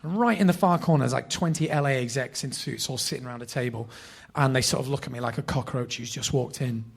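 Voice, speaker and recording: A man with a northern English accent, a podcast guest telling animated, self-deprecating, sweary anecdotes. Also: medium pitch, fast, gravelly, husky. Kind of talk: anecdotal storytelling.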